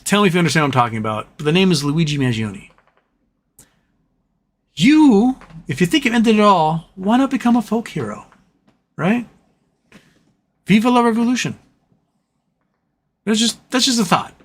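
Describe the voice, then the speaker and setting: A livestream host with a high, sing-song voice talks at a moderate pace with long pauses. He chats casually and reads viewer comments aloud, ranting in a sarcastic, profane way.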